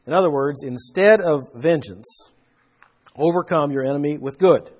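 A man's voice: on the high side, moderate pace, slightly rough. A man preaching a Bible sermon, explaining verses with emphatic rises in his voice. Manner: emphatic, rising for stress.

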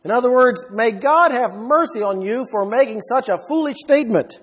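With a high, husky voice, a male preacher gives an expository sermon, emphatic and full of rhetorical questions for his listeners. His intonation is lively and his speed normal, and a long reverb carries his words as though in a large hall.

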